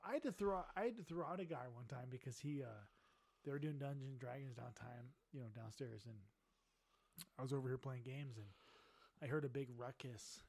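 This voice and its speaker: A man's voice: medium pitch, vocal fry, darkish tone, husky. A middle-aged man on a podcast, telling a story in a boisterous, profane way and laughing as he talks. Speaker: podcast co-host. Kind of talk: casual drunken storytelling.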